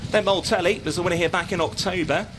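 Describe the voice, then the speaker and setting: A man giving live horse racing commentary as a steady running call of the field. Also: sits high, quick pace, background noise.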